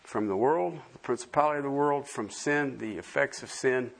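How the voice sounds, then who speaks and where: A man preaching a sermon as pastor, emphatic and repeating phrases for stress, swinging from soft asides to loud, high emphasis. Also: normal speed, creaky.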